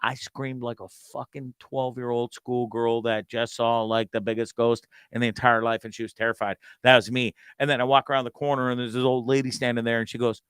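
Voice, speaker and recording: Guy hosting, rambly and swearing a lot, stumbles and restarts, smooth clear voice. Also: mid-range voice, level tone, fairly quick, few pauses, fairly bright tone, no echo. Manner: rambling, profane, stammering restarts. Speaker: host. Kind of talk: casual storytelling.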